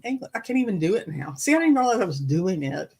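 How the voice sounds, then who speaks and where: A woman's voice: mid-range voice, very animated, quick pace, a little mellow, slightly rough, poor audio. A woman with a Southern American accent, chatting casually and telling stories, who picks up the accents around her. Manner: chatty storyteller, mimics accents she hears. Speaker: co-host of a couple's channel. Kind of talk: casual chat.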